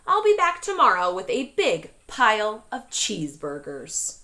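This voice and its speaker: A woman voicing an excitable young boy who pleads for his pet, reading a storybook aloud. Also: medium pitch, unhurried, full character voice. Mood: hushed.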